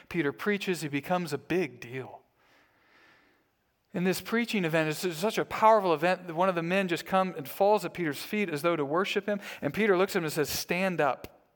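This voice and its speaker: Conversational male pastor preaching. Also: on the high side. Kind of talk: sermon.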